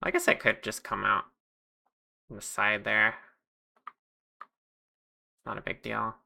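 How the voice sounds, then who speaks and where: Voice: mid-range voice, little pitch movement, takes it slowly, gravelly, bright, forceful tone. A livestreamer making plushies who chats casually with viewers and thinks aloud at a home streaming mic. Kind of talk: casual livestream chat while crafting.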